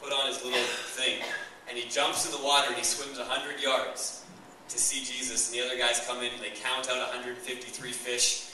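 A man's voice: mid-range voice, level tone, a little fast, hardly any pauses, sharp tone, a little hiss or hum. A young man preaching a sermon as pastor, enthusiastic and conversational, recorded in a church hall. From Canada. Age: young adult. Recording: echoey church hall, mic far off.

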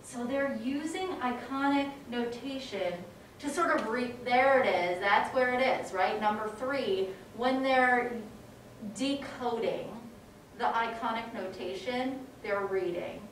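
A woman's voice: on the high side, takes it slowly, a little hiss or hum. Chatty woman teacher in an echoey room. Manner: chatty, animated, sings short rhymes. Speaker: music education instructor. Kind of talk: casual teaching in a class session. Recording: echoey room, mic from a distance.

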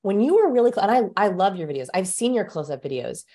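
A woman guest expert explaining things in a brisk, emphatic way during an interview. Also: medium pitch, very animated, mellow.

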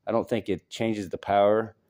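Low-voiced man, rambling and profane. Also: flat delivery, normal speed, dark tone, no echo. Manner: profane, rambling, talks in short bursts. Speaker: vlogger. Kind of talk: casual update vlog.

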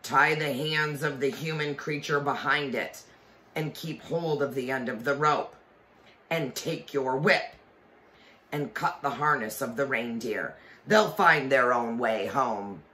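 A reader voicing a cold, commanding witch queen who barks orders, high and loud. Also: slow, roomy sound. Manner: imperious, barking orders.

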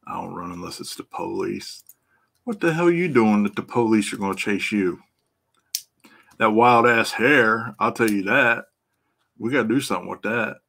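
A man's voice: lowish voice, animated, normal speed, creaky, pushed and bright. A middle-aged man with a Midwestern American accent hosting a casual live stream, greeting viewers by name, swearing freely and laughing often. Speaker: livestream host and EFI tuner.

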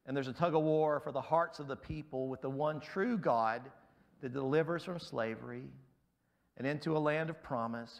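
Pastor, male, slightly high voice, emphatic pulpit delivery, hoarse. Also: fairly bright tone. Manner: emphatic preaching, rising sharply on key words. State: losing his voice. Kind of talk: sermon. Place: church.

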